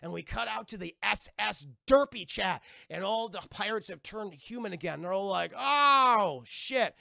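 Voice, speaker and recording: A young man casually retelling a movie to his stream chat, animated and profane, acting out the characters' lines. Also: high-pitched, normal speed, vocal fry, dry recording, studio quality. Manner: animated, profane, acts out lines in put-on voices.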